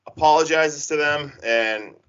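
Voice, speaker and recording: A man casually retelling a horror film's plot on a podcast, rambling and animated with lots of filler words. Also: fairly high pitch, unhurried, smooth. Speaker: podcast co-host recapping a horror film. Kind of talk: casual chat. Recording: dull lo-fi podcast audio.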